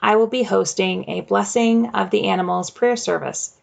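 A woman hosting a faith podcast, reading her script in a measured, gentle way. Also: medium pitch, fairly even intonation, vocal fry. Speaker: podcast host.

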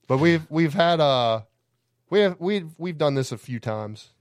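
A man's voice: fairly high pitch, animated, slow, no echo, clean studio sound. A man, a campground owner, telling rambling, profane stories on a podcast. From Alabama. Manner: rambling, profane, laughing anecdotes. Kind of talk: casual podcast storytelling.

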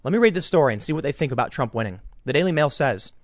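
A man's voice: mid-range voice, lively intonation, rapid-fire, no room sound, studio quality. An American man giving emphatic, indignant political commentary, often repeating his words. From United States. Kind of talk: opinion commentary.

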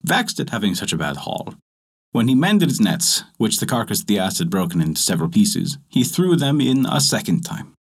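A man narrating a folk tale with an expressive storytelling cadence. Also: on the low side, moderate pace, husky.

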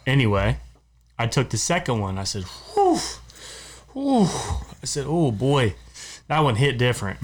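A man's voice: mid-range voice, lively intonation, normal speed. Rambling male podcast co-host telling stories. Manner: rambling, laughing, repeats himself. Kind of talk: casual storytelling among friends. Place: podcast studio.

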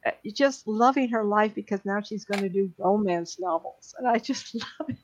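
A middle-aged woman, a psychic medium, giving readings on a live stream in an emotional, chatty way with many fillers and pauses. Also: mid-range voice, a little hiss or hum. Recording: dull lo-fi stream audio.

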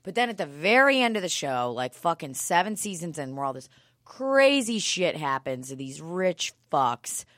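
A woman's voice: low-pitched, very animated, normal speed, a bit bright, no echo, studio quality. A woman in casual conversation, rambling through a story with plenty of fillers and swearing. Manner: profane, rambling with lots of fillers. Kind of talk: casual chat.

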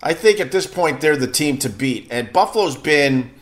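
With a slightly high voice and lively intonation at normal speed, a middle-aged Long Island radio host tells chatty, meandering, self-deprecating stories on air. He's from Long Island, New York, and has the accent to match.

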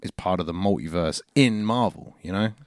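A man co-hosting a film podcast, chatty and quick to laugh while riffing jokes. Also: sits low, dry recording, studio quality. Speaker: podcast co-host. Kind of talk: casual chat.

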